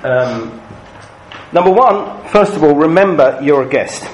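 A British man runs a training session for Christian youth workers, unhurried yet lively, telling stories in an animated, swinging style. His voice sits a little high and ranges widely in pitch, and the room is echoey with a faint hum of ambience.

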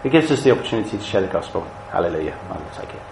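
A British man leading a training session for Christian youth workers, talking in a lively, animated storytelling way. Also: on the low side, racing, creaky, slight background noise. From Britain. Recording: echoey room, faint ambience.

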